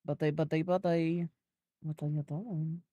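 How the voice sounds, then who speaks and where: A woman's voice: low voice, fairly even intonation, a little slow, mellow, dry recording, dull audio. A woman giving casual gameplay commentary, thinking aloud as she builds and cooing baby talk at an animal. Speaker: gaming video creator.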